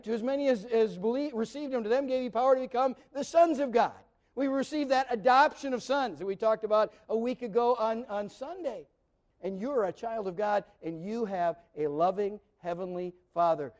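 A middle-aged male pastor preaching a sermon in a conversational way, repeating words as he goes and building to loud, emphatic peaks. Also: high voice.

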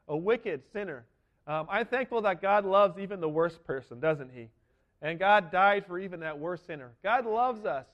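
A man's voice: sits high, lo-fi sound. A man giving an earnest, emphatic sermon as a first-person dramatic monologue. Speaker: preacher.

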